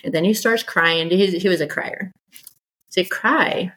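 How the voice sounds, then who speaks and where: Middle-aged woman guest, low-ish voice, candid storytelling, animated and exasperated. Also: a little slow, husky, rough recording. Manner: animated, exasperated, quoting others in lively bursts. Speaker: podcast guest.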